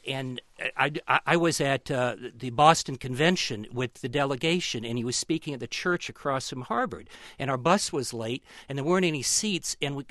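A man's voice: medium pitch, a bit bright, no room sound. A man speaking as a professor guest on a radio call-in discussion, earnest and anecdotal, often repeating his words.

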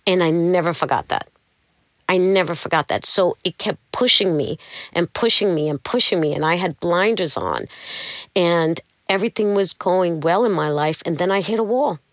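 A woman's voice: on the low side, moderate pace, dry recording, studio quality. A woman, telling her life story as an interview guest and acting out the people in it. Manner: animated, acts out the voices of people in her stories.

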